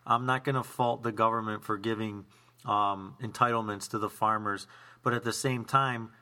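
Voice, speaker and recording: A man's voice: lowish voice, steady tone, normal speed, sharp tone. A man hosting a casual talk show, asking direct questions and giving firm opinions. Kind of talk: casual chat.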